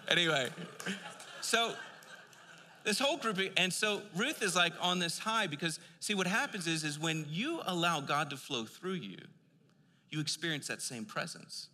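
Preaching in a church, an older man shares a personal story in a loose, conversational manner full of fillers. His voice is fairly high, bright, and forceful, with long hall reverb on the recording.

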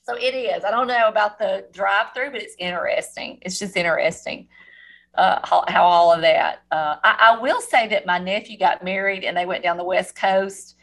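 A woman's voice: mid-range voice, moderate pace, creaky, a bit bright. A woman with a Southern Alabama accent, co-hosting a podcast in casual, rambling chat with frequent restarts. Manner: chatty, rambling, with many restarts. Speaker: podcast co-host, school counselor.

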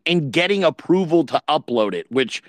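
A man's voice: a little high, animated, normal speed, no echo. A man hosting a podcast in casual chat, blunt and profane, telling stories with rising emphasis. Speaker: podcast host.

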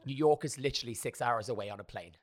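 A young man hosting a casual chat, teasing and animated as he tells stories. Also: mid-range voice, quick pace. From Ireland. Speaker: podcast host.

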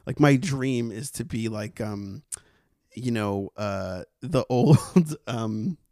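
A man's voice: mid-range voice, slow, warm tone, no echo, clean studio sound. Joking male podcast co-host. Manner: joking, playful. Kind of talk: casual chat.

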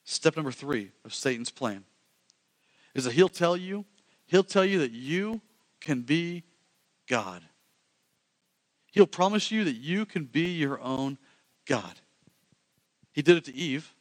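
A male pastor preaching a sermon, animated and quick, swinging from loud emphasis to hushed lines. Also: fairly high pitch.

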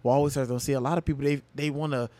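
A young man co-hosting a casual faith podcast, animated and repeating phrases for emphasis. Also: mid-range voice, racing, no room sound. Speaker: podcast co-host.

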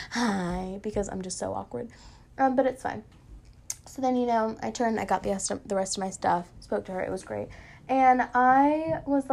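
A woman's voice: on the high side, a little mellow. A woman in her late teens chatting through an everyday story, full of "like" and self-mocking asides. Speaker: vlogger. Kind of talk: casual storytelling.

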